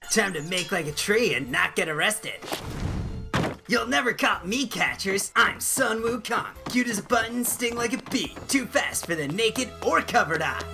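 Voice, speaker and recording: A man's voice: high voice, animated, moderate pace, creaky. A man voicing a cocky, boastful young male thief in a fan-made cartoon parody, with a brash, sing-song delivery. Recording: clip with music playing under it.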